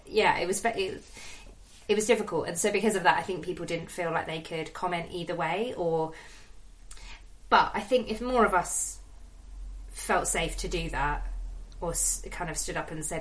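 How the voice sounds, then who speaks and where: A woman's voice: fairly low pitch, moderate pace, distant mic, poor audio. A woman hosting a casual podcast interview, chatty and rambling. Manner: chatty, rambling, self-deprecating. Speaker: podcast host.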